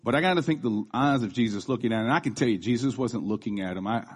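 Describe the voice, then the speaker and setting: Speaking fast in a mid-range, slightly rough voice, a preacher in his thirties delivers a conversational sermon. He chats informally, restarts and wanders into asides, performing the voices of people he quotes.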